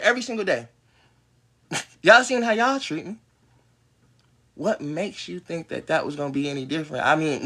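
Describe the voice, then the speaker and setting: A man's voice: on the high side, fairly bright tone. A man in his twenties ranting to his livestream viewers, heated and defensive, swearing often and breaking into bitter laughs. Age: 20s. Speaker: livestream host. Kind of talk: ranting monologue to live viewers.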